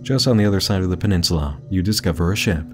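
Male host with a low voice, steady explainer, video essay narration. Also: very fast, soft background music.

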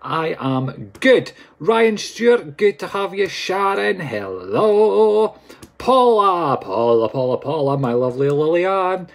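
A man's voice: high voice, very animated, slow, creaky. A Scottish man hosting a live stream as a psychic medium, chatting casually and playfully while greeting viewers by name.

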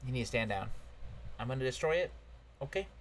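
A fast-talking man with a mid-range voice narrates a let's play in a playful, excitable way, exclaiming at what happens and yelping at hits. Game music blares behind him, with slight background noise too.

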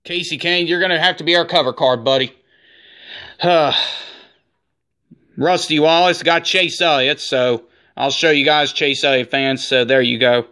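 A man in his forties with a bright, forceful voice that sits a little high, talking through a trading-card opening. He reels off names in quick lists and gets worked up, saying he is shaking. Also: smooth. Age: 40s. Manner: rattles off names in a running list; excitable, says he is shaking. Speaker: card collector opening packs. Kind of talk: casual unboxing commentary.

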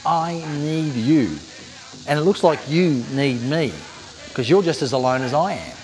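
A man voicing a stranded, cold rattlesnake that calmly pleads for help in a told story. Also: fairly high pitch, unhurried, a little hiss or hum, lightly acted. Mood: persuasive. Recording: long hall reverb, faint music.

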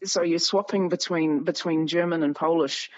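A woman's voice: low voice, steady tone, normal speed, lo-fi sound. A woman with a New Zealand accent, a musician and writer, chatting as a podcast guest. She tells stories with animation, laughs often and acts out the voices of the people she quotes. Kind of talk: casual conversation. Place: home in Germany near the Polish border.

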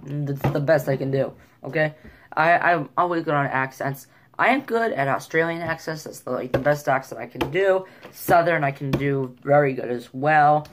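A woman talking casually in a vlog, hesitant and filling pauses with ums, a little self-deprecating. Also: sits low, a little hiss or hum. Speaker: vlogger.

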